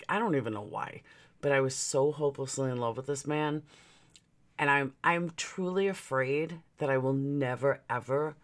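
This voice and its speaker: A woman vlogger telling a personal story, candid and profane, with emotional swings. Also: extremely low pitch.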